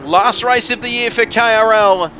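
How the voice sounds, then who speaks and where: Excitable high-voiced male race commentator. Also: moderate pace, a little hiss or hum. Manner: excitable, joking play-by-play. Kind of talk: sim racing commentary.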